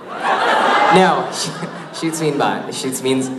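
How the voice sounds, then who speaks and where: A man's voice: mid-range voice, expressive, background noise. Playful man on a convention stage. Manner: joking, self-mocking, quick. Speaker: convention panel guest. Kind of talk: casual Q&A on stage. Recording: echoey hall with crowd.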